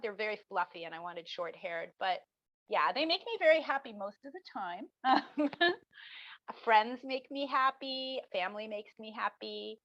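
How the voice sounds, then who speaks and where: A middle-aged woman, a marketing professor, answering interview questions as an animated storyteller who acts out the people she quotes. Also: mid-range voice, normal speed, dry recording. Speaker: marketing professor, podcast guest. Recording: dull dry lo-fi sound.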